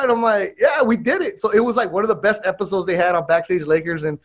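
A man, a podcast co-host telling stories in slangy, animated casual chat. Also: sits high, quick pace.

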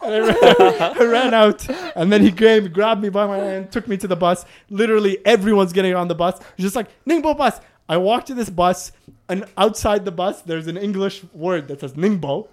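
A man in casual podcast chat, telling a travel story with lots of acted-out moments and laughter. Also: moderate pace. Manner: animated, acts out scenes with rising pitch, laughs often.

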